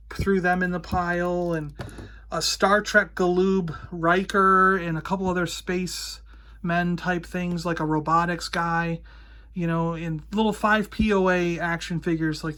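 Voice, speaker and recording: A man with a high, bright voice hosts his own vlog from a room at home. He tells a story casually and with animation, slipping into the voices of the people he quotes, and his talk is full of fillers. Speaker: host. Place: indoors toy room.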